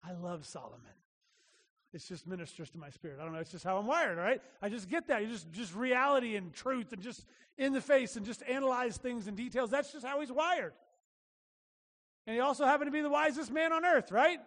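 A male pastor giving a conversational sermon, animated, acting out little voices and asking the room questions. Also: extremely high pitch, a little fast, in a large hall.

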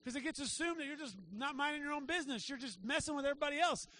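A man preaching a sermon to his church, talking in a casual way and checking in with the congregation with quick asides. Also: very high-pitched, sharp tone. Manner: conversational preaching with frequent "right?" asides. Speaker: pastor. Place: church sanctuary.

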